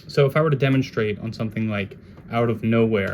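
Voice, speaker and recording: A man giving a casual jazz guitar lesson, talking in a relaxed, conversational way and now and then scatting melodies. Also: fairly low pitch, fast talker.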